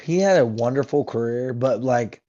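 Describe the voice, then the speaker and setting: A man's voice: medium pitch, moderate pace, mellow, highs cut off. A young man who is a podcast guest, rambling casually with crude jokes and lots of fillers.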